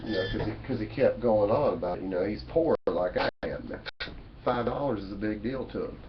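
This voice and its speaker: A man's voice: on the low side, a little fast. A man talking straight to his webcam in a rambling, folksy, preachy way, full of "you know" and "man". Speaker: vlogger. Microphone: webcam mic. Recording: dull lo-fi webcam audio with faint room noise.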